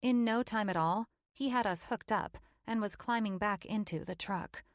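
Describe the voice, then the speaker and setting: A woman's voice: medium pitch, normal speed, no room sound, studio quality. A woman narrating a first-person romance audiobook in a wry, playful storytelling manner.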